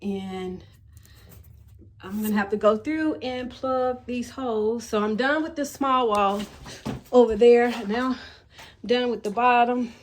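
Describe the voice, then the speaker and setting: A woman's voice: fairly high pitch, slow pace, long pauses, slight background noise. A woman chatting casually to her viewers in a home DIY vlog, laughing often as she talks. She records on a camera on a selfie stick inside a small walk-in closet. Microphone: camera on a selfie stick or mini tripod.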